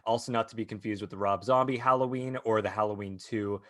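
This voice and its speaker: A man's voice: on the low side, fairly even intonation, fast talker, fairly bright tone, no echo, clean studio sound. Wry, dryly amused male co-host. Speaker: podcast co-host. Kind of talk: casual podcast chat.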